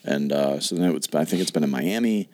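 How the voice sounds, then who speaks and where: A man's voice: very deep voice, quick pace, darkish tone. A man talking casually and joking with friends about local events. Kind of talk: casual chat.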